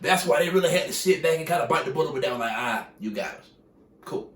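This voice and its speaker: A man's voice: high-pitched, echoey room, far from the mic. A man giving a casual, heated sports opinion rant, swearing freely and repeating himself for emphasis. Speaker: sports commentator.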